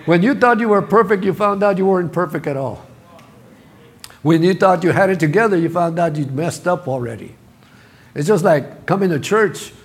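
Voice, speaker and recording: Gravelly middle-aged pastor preaching. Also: male voice, sits high, normal speed. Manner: preaching with rising bursts of emphasis and humor. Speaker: senior pastor. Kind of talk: sermon. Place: church sanctuary.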